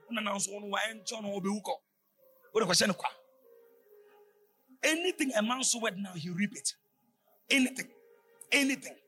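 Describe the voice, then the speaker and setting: A man preaching a fervent sermon, often shouting and sliding into a sing-song cadence. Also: high voice.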